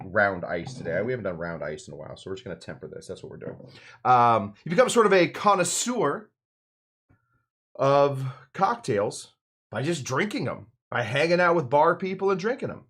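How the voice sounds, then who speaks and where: A man at a middle pitch hosts a casual cocktail demonstration. His talk wanders, with plenty of fillers and side remarks, in the easygoing way of a working bartender chatting behind the bar. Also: very animated, fairly quick, fairly bright tone, husky. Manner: rambling, loose, full of fillers and side remarks. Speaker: bartender and show host.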